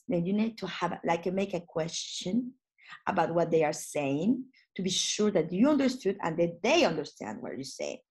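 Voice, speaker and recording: A woman trainer giving an online lesson, explaining step by step with frequent restarts. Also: medium pitch. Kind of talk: webinar lesson.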